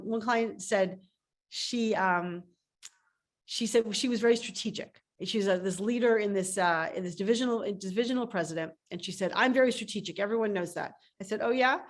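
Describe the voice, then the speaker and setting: A woman coach speaking emphatically as a guest on a video call interview, telling stories with lots of energy. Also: fairly high pitch. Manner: animated, emphatic storytelling. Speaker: startup coach.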